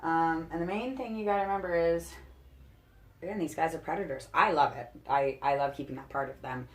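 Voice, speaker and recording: A woman's voice: sits low, brisk. A young woman vlogging casually at home, chatty and a bit out of breath while handling a heavy snake, laughing often between fillers. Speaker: reptile keeper vlogger. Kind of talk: casual show-and-tell vlog. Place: indoors at home. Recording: echoey home room.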